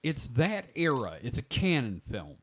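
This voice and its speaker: A man's voice: mid-range voice, sing-song, a little slow, slight background noise. A man in his forties hosting a podcast, telling rambling stories in casual chat. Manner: rambling storyteller, many "like" fillers. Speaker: podcast host.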